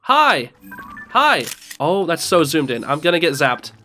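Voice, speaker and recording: A young man hosting a gaming channel, chattering excitedly to himself and the game as he plays. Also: a little high, fairly quick, faint music behind. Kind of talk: casual let's play commentary.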